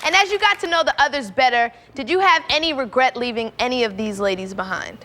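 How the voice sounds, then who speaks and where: A woman's voice: a little high, fast. A woman hosting a reunion show, upbeat and prodding the guests with questions. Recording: loud studio crowd and noise.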